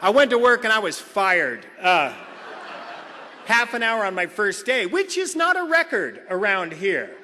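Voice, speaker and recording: A man's voice: high-pitched, big pitch swings, measured pace, sharp tone, a little hiss or hum. A middle-aged man telling a comedic personal story at a recovery meeting, acting out other people's lines. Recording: long hall reverb.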